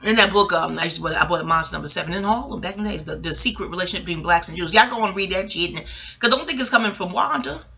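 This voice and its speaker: A woman's voice: lowish voice, very fast, creaky, sharp tone. A middle-aged woman giving a rambling, profane TV recap, talking straight to her viewers and laughing often. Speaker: vlogger.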